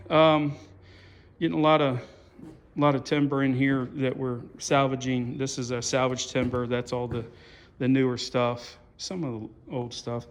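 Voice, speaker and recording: A middle-aged man walking through the old barn he restored, talking in a halting, rambling way full of fillers. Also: mid-range voice, slight background noise. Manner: rambling, halting, self-deprecating, many fillers. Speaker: farm owner showing his restored barn. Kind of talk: casual walkthrough vlog.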